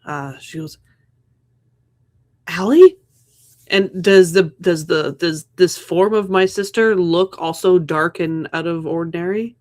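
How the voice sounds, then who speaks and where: A woman playing a tabletop horror game, speaking hesitantly with fillers and halting restarts. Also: fairly low pitch, darkish tone. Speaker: player. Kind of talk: casual tabletop play.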